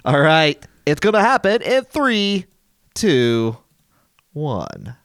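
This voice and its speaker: A man's voice: fairly high pitch, big pitch swings, slow, vocal fry, a bit bright, smooth, no room sound, studio quality. A man hosting a casual podcast, rambling and stumbling over words. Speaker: podcast host.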